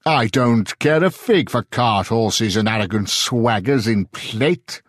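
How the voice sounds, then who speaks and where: A loud, haughty English scholar past fifty, stout and sharp-tongued, as a man reads him. His tone is exasperated, and the recording is dry and close. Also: mid-range voice, animated, slow pace, dry recording.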